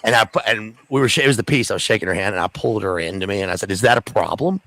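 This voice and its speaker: A man, a guest on a livestream, chatting casually and telling anecdotes with dry, deadpan jokes. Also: lowish voice, rapid-fire, no room sound. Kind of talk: casual chat.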